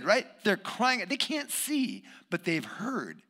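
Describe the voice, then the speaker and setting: A man preaching a sermon, emphatic, swinging between loud bursts and hushed asides. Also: sits high, huge pitch swings, unhurried, hardly any pauses.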